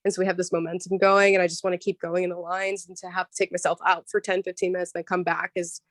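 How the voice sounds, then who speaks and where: Woman, voice actor guest, lower register, dry close sound, animated and chatty. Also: quick pace, dry recording. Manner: lively, explanatory, frequent "um" and "like". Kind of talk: casual interview chat.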